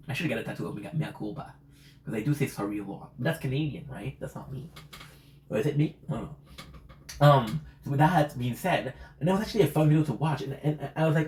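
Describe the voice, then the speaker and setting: A man's voice: medium pitch, a little mellow. A young man hosting his channel, talking in a rambling, meandering way to his viewers, swearing freely and tagging "right?" onto his thoughts. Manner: meandering, profane, keeps asking "right?". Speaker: channel host. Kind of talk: rambling casual monologue to viewers. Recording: echoey room, faint hiss.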